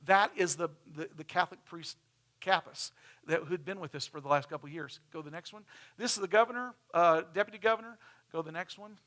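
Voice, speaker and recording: A man with a twang gives a casual sermon, walking his congregation through a slideshow with chatty asides. His voice is bright and a little raised in pitch, and he slips into the voices of the people in his stories. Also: quick pace. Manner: chatty, storytelling, acts out quoted people. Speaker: pastor. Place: church.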